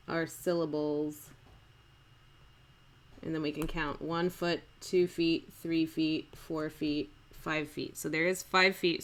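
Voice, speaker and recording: Unhurried woman explaining verse. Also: sits low, a bit bright. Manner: unhurried, explanatory, with fillers and restarts. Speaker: acting teacher. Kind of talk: live-streamed verse lesson.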